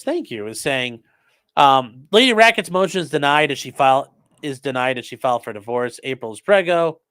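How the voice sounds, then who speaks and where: A man's voice: medium pitch, fairly bright tone, clear, resonant tone. A man hosting a casual commentary stream, reading viewer messages aloud and answering them sarcastically. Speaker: host reading chat.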